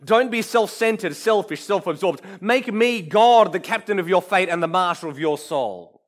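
A man preaching a sermon in an earnest, emphatic way, often dropping to a hush for effect. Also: high voice, expressive, moderate pace. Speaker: pastor.

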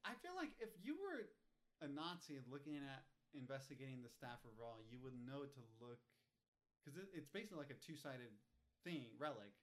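A man's voice: mid-range voice, very animated, moderate pace. A man in casual conversation, agreeing often and adding his own stories. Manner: chatty, frequent short agreements. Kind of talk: casual movie discussion.

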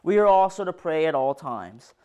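A man's voice: a little high, lively intonation, normal speed, darkish tone, smooth. A man preaching a sermon, reading Bible passages aloud with earnest, rising and falling force.

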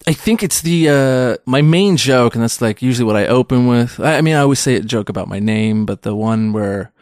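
A man in his thirties talks as a stand-up comedian guest, wandering through his thoughts with constant restarts and jokes at his own expense. His voice sits at an ordinary middle pitch. The sound is dry and close, with no room echo. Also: a little fast, darkish tone. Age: 30s. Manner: rambling, self-deprecating, many restarts. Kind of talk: casual interview chat.

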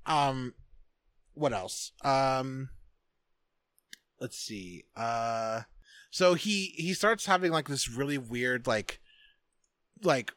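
A man's voice: medium pitch, expressive, extremely slow, pauses often, fairly bright tone, dry recording. A man co-hosting a podcast, casually retelling a movie scene by scene, rambling and profane with lots of restarts and fillers. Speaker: podcast co-host recapping a film. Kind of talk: casual chat.

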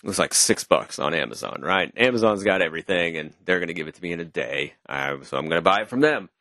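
Talking fast and animatedly in a low, pushed, bright voice, a young co-host rambles through jokey stories in casual podcast chat. The recording, made on a podcast mic with a pop filter, is dry and studio quality.

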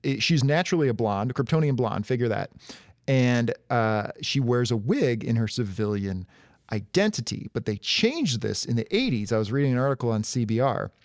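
A man's voice: medium pitch, sing-song, normal speed, dry recording, clean studio sound. A young adult man co-hosting a casual podcast, explaining trivia with wry asides. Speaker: podcast co-host. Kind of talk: casual chat.

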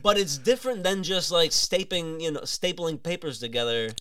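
A man's voice: a little high, lively intonation, moderate pace, a loud crowd. A man, a tap dancer appearing as a podcast guest, talking in a thoughtful, casual way with plenty of fillers. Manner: thoughtful, hedging with fillers like "you know". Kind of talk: casual conversation.

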